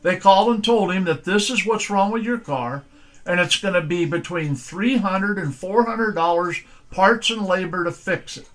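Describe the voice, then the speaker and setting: A man's voice: high voice, normal speed. An older man, preaching a sermon by telling plain, folksy stories from his own life in a firm way. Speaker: pastor.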